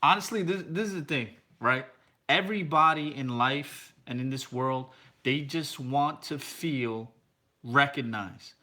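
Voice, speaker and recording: Laid-back man with a bright voice. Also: medium pitch, measured pace. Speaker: podcast co-host. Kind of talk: casual chat.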